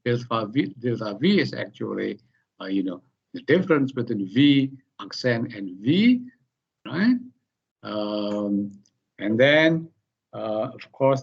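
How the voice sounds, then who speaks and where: A man with an Indonesian accent lecturing online, halting and repeating words as he explains. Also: medium pitch, gravelly, husky. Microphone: computer mic on a video call. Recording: muffled meeting-call audio.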